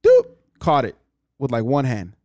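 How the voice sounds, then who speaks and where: A young man in a casual sports debate who teases his friends and laughs quickly. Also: huge pitch swings, a little mellow, dry recording, clean studio sound. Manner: teasing, jumps between pitches, quick laughs.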